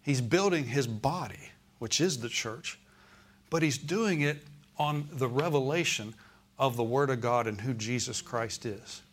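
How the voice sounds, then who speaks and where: A man's voice: medium pitch, unhurried, husky. A male pastor preaching a Sunday sermon in a church, often calling out "Amen?" and "Okay?" to the congregation.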